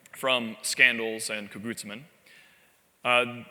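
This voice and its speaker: A man's voice: fairly low pitch, steady tone, moderate pace, bright, forceful tone. A man giving a live conference presentation in a convention hall, talking conversationally with frequent fillers and wry emphasis. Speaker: conference speaker. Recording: long hall reverb from a convention stage.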